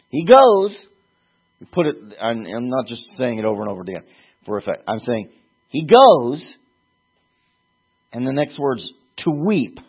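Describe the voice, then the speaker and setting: Slow, husky-voiced male Bible teacher. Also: on the low side. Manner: slow, halting, repeats words for emphasis. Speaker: preacher. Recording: tinny phone-like sound.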